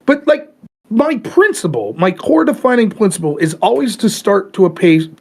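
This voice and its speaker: A podcast host chats casually and argues politics heatedly, swearing a lot. His husky voice moves at a moderate pace, with pitch swinging widely and jumping sharply when he pushes back, giving an animated, profane, argumentative delivery.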